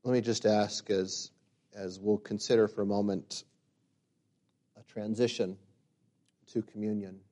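Preaching man, loud emphatic peaks and quiet pulls back. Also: on the low side, flat delivery. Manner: builds to loud emphatic peaks, then drops to quiet reflection; reads scripture slowly and forcefully. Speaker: pastor. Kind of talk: sermon.

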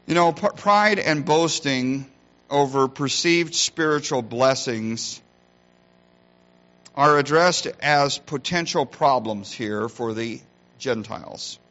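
A man's voice: mid-range voice, slow, a bit bright, lo-fi sound. A man preaching a sermon in an earnest manner, asking his listeners questions and giving each point weight. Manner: earnest preaching, varied emphasis, rhetorical questions. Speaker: pastor.

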